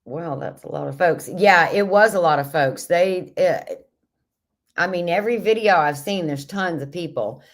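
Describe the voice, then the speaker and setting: A woman's voice: lowish voice, moderate pace. A woman hosting a casual livestream chat from home, reading out viewer comments and gushing over vintage jars. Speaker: livestream host.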